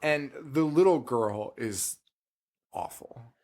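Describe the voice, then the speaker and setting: A man's voice: mid-range voice, lively intonation, slow, a little mellow. A young man co-hosting a casual podcast, swearing freely, laughing often and slipping into goofy impressions. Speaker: podcast co-host.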